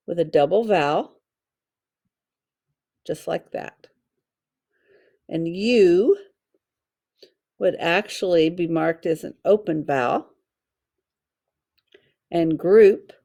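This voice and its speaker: In a careful, unhurried phonics lesson for kids, a woman teacher breaks words into individual letters and syllables. Her voice is warm and fairly low.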